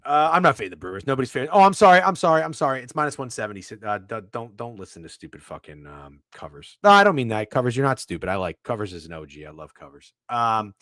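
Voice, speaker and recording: A man's voice: mid-range voice, quick pace, few pauses, no echo, clean studio sound. A man co-hosting a casual sports betting chat, rambling and swearing freely. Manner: profane, animated, rambling. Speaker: podcast co-host.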